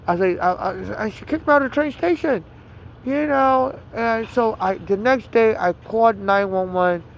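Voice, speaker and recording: Traffic hums through a dull, lo-fi outdoor recording of a Nigerian-accented man telling a long, rambling story. His voice is high and his pace moderate, and he sounds agitated, restarting often and saying "you know" a lot.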